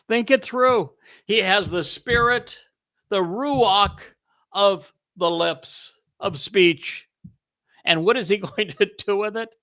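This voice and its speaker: A man's voice: high voice, slow pace, pushed and bright. A man hosting a scripture study, preaching in an emphatic, sarcastic way and often laughing mid-sentence. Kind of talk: animated preaching commentary.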